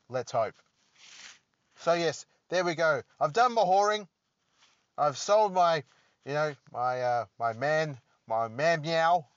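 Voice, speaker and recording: A man with a fairly high voice hosts a solo podcast, rambling along with jokes at his own expense. The recording is dull, lo-fi and very dry. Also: dry recording. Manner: rambling, joking, self-deprecating. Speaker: podcast host.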